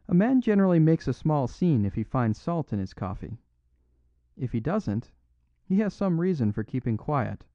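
A man's voice: mid-range voice, no room sound, voice pushed up. Male narrator doing a meek little priest, lilting and apologetic, dry dull recording. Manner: simple, unaffected, gently apologetic. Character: mild, modest little English priest, apologetic.

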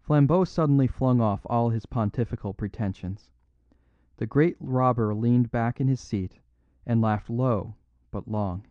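A man narrating a classic story in a measured, even storytelling voice, in a dry, dull recording. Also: mid-range voice, no echo. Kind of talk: audiobook narration.

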